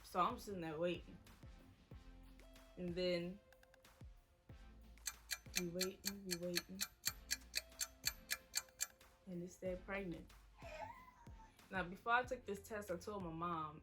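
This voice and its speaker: A woman, casually telling an emotional personal story to the camera. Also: lowish voice. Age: 20s. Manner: casual, quoting people in her story. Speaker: vlogger.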